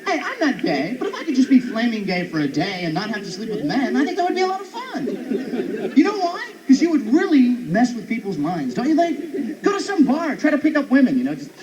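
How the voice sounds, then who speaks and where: A man doing a stand-up routine on an outdoor stage, animated and chatty with the crowd. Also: extremely high pitch, brisk. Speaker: stand-up comedian. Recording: muffled live recording with background noise.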